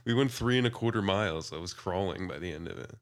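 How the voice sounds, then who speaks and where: A man's voice: low voice, expressive, fast, no echo, studio quality. A man co-hosting a casual podcast chat, laid-back and laughing often. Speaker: podcast co-host.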